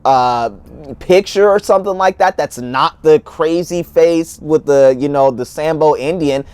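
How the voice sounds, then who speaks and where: Agreeable higher-voiced man co-host. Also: a little slow, a little mellow, clean tone, no room sound. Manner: agreeable, backs up his partner. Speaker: sports talk co-host. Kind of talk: casual sports chat.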